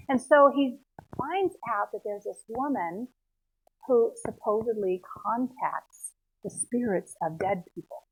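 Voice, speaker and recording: A woman's voice: a little high, normal speed, slightly rough. A woman teaching a Bible history lesson in a casual storytelling way, acting out the quotes. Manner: retells scenes with lively acted-out quotes. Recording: tinny phone-like sound.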